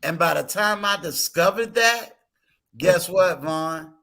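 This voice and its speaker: A man's voice: high voice, slow pace, bright, forceful tone. A man hosting a casual talk stream, telling a personal story with emphatic rhetorical questions. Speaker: host.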